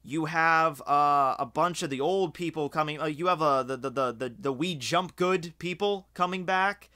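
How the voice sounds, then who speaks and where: A man from Scotland giving casual, rambling video commentary, excited and swearing freely, with lots of fillers. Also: fairly high pitch, moderate pace. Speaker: video reviewer.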